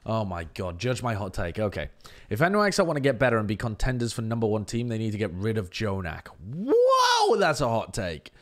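A man's voice: on the low side, expressive, quick pace. A man doing live-stream match analysis, blunt and profane, ranting at length and answering viewer chat.

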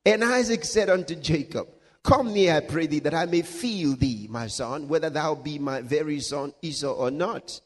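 A male pastor preaching a sermon, reading scripture aloud with laughs, dramatic pitch swings and slowed emphasis. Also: in a large hall.

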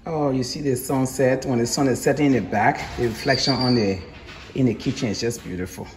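A woman's voice: a little fast, slight background noise. A woman, chatting casually to the camera at her home and yard as a vlogger. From Liberia. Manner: chatty, talks to camera and to kids and dogs, lively swings up into high scolding. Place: outdoors at a home yard and kitchen.

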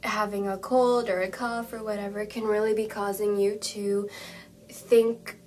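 A young woman with a slightly hoarse voice leads a tarot card reading at a slow, unhurried pace. She speaks in soothing, drawn-out phrases, and her pitch sits in the middle of the range. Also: level tone, darkish tone, a little hiss or hum, rough recording. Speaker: tarot reader. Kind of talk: calm guided tarot reading.

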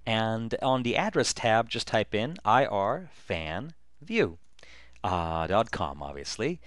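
A man narrating a relaxed, step-by-step screen-recorded software tutorial, with frequent ums and uhs. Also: fairly low pitch, slow pace, no echo, clean studio sound.

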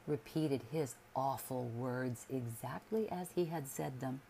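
A woman reading a literary story aloud as a sleep story narrator, in a soothing, measured way. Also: deep voice, creaky, mellow, a little hiss or hum.

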